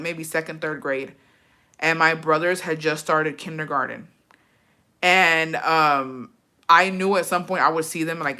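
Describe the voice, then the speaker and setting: A woman's voice: sits low, bright, forceful tone. A young woman casually telling a personal story, swearing often and getting emotional. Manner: profane, emotional, tearful at times. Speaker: vlogger.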